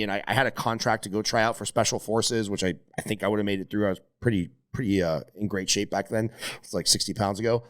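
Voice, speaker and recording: A middle-aged man hosting a podcast, chatting casually and swearing, telling stories with his voice jumping up high when he gets emotional. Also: fairly bright tone. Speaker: podcast host. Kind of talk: casual conversation.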